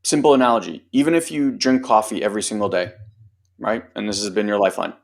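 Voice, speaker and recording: A man's voice: on the low side, quick pace, vocal fry. A man hosting a group training talk as a coach, speaking casually and loosely, with lots of fillers and the odd swear word. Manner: acts out other people's voices in quotes. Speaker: host and personal growth coach.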